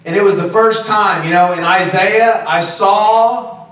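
Brief: male pastor, high voice, preaching loosely and conversationally, miked from afar in a very echoey room. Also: fairly even intonation, unhurried, fairly bright tone. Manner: conversational preaching with frequent "okay?" and "right?". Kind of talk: sermon. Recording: very echoey, distant room recording.

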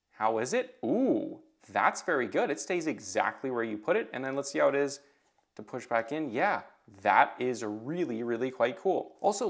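A man's voice: medium pitch, creaky. Enthusiastic male tech reviewer. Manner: enthusiastic, thinking aloud while handling the product. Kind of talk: unboxing and product review; scripted review narration.

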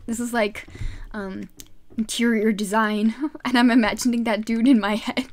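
A woman's voice: fairly high pitch, fairly even intonation, moderate pace. A woman streamer chatting and giggling through casual gameplay commentary, talking to her viewers from a desk microphone at home. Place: home gaming setup.

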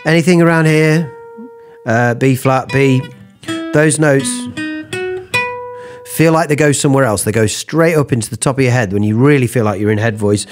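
A man with a British accent teaching singing, talking in a relaxed, encouraging way between vocal exercises. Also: medium pitch, normal speed, pauses often, faint music behind. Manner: relaxed, encouraging, talks while demonstrating. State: slightly under the weather after sneezing. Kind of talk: spoken vocal lesson between sung exercises.

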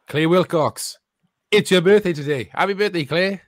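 A man co-hosting a podcast, reading out listener shout-outs in an upbeat, announcing way. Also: sits high, moderate pace, dry recording, studio quality. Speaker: podcast co-host.

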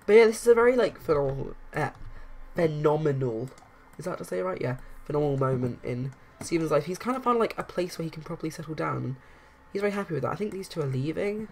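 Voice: medium pitch, animated, very fast, creaky, hardly any pauses, a little hiss or hum. A casual let's-play commentator who rambles through gameplay with many fillers and restarts, hiccuping now and then.

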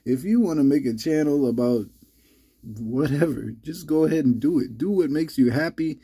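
A man hosting his channel in casual, rambling vlog talk, halting with many restarts, a little under the weather. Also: on the high side, dark tone, breathy edge. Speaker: channel host.

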